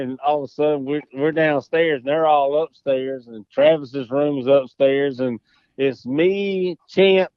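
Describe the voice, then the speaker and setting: A man's voice: a little high, no echo, highs cut off. Profane Southern man spinning a yarn. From Florida. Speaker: podcast guest, golfer. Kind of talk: casual storytelling.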